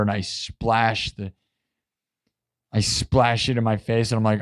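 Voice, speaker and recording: A man's voice: on the low side, monotone, unhurried, clear, resonant tone, no echo, studio quality. A man hosting a live stream, chatting in a rambling, jokey way and talking straight to his chat. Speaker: live-stream host and musician.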